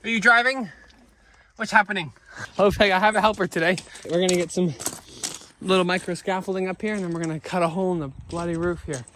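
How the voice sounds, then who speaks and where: A man's voice: high-pitched, quick pace, a little hiss or hum. A man vlogging casually while working on his van, joking and talking to himself as he goes. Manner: excitable, joking, talks to himself as he works.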